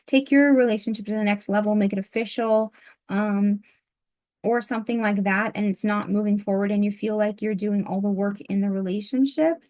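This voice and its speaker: A woman reads tarot aloud as if receiving messages, pausing often and filling the gaps with soft fillers. Her voice sounds a bit worn after a long session, and her pitch sits in a middle range. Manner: soft, halting, with many pauses and fillers. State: losing her voice. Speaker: tarot reader. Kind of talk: channeled tarot reading.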